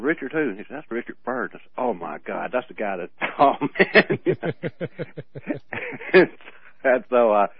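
A man co-hosting a radio show in casual chat, telling rambling stories with halting restarts and frequent laughs. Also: on the low side. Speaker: radio co-host. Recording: tinny phone-like radio audio.

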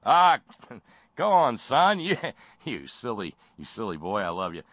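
A man's voice: low voice, sing-song, moderate pace, bright, forceful tone, no room sound, pitched below the performer's own voice, full character voice. A man voicing a cheerful, careless father who laughs and dotes on his son in a mocking sketch. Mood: jovial. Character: cheerful gun-loving dad, reckless and doting.

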